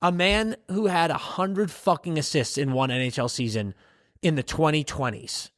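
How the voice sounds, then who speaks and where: A man's voice: on the high side, moderate pace, no echo. Profane man riffing in dry sound. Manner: profane, animated, rambling opinions. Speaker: podcast co-host. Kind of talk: casual sports chat.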